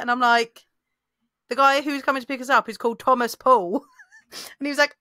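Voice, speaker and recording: A woman's voice: high voice, steady tone, fairly quick, pauses often, pushed and bright, dry recording, studio quality. A woman co-hosting a casual chat, telling stories and laughing often. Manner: chatty storyteller, laughs often. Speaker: podcast co-host.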